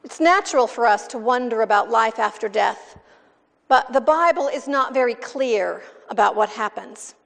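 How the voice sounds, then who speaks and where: Woman pastor, gravelly and somewhat high, measured sermon delivery, long hall reverb. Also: lively intonation. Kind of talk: scripture reading and sermon.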